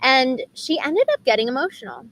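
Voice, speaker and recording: A woman hosting a livestream, talking unscripted in an earnest, animated way, with lots of "like" and quick restarts. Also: sits high, a little hiss or hum, rough recording. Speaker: livestream host. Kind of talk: unscripted reflective monologue.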